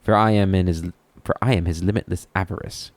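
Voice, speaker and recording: A man's voice: low voice, steady tone, a little fast, no room sound, natural voice. A man voicing a greedy, haughty male demon lord trapped in a toothy treasure chest, reading his lines in a game. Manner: greedy, wheedling.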